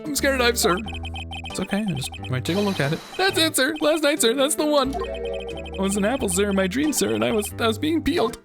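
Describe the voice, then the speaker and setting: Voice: very animated, fairly quick, gravelly. A streamer voicing a jittery, eager young male police officer who keeps saying "sir," with game music playing behind. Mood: nervous. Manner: high, strained shouting, ends lines with "sir".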